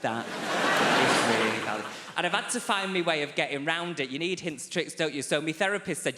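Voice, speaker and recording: A stand-up comedian tells stories in a bright, slightly high voice, camp and animated with sharp asides. The sound is roomy, a live theatre stage mic. Audience laughter rises behind him. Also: male voice, normal speed, a little hiss or hum. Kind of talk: stand-up routine. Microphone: handheld stage mic.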